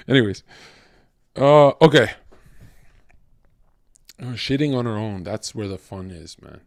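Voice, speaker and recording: A man talking to his stream in a casual, animated and profane monologue, swinging between loud rants and quiet asides. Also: medium pitch, slow, long pauses, no echo, clean studio sound.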